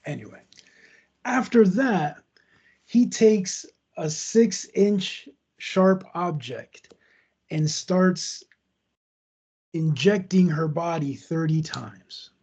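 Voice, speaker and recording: A man tells a true crime story in a loose, conversational way, adding asides as he goes. His voice is fairly high for a man, yet dark and husky with a gravelly edge. The recording sounds dull and lo-fi. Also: extremely slow, pauses often. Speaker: podcast host.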